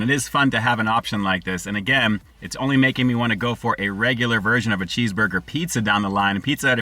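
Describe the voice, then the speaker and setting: Upbeat fast-talking male food reviewer. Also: medium pitch, sharp tone, no room sound. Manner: upbeat, slangy, addresses viewers as guys. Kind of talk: casual food review vlog.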